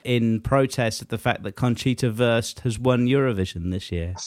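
A man's voice: mid-range voice, normal speed, darkish tone, no room sound. A man co-hosting a casual comedic podcast chat, joking and laughing often. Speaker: podcast co-host.

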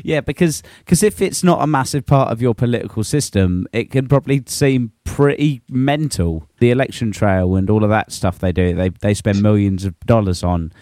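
A man's voice: lowish voice, normal speed, hardly any pauses, a little mellow, no echo. A man in a casual chat as a podcast co-host, making dry, sardonic quips.

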